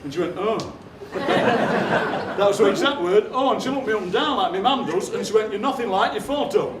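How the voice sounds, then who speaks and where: On a theatre stage, a male poet delivers deadpan comic stories, voicing the lines of the people in them, while the audience laughs. His voice sits high at normal speed, and the distant, roomy hall recording carries heavy background noise.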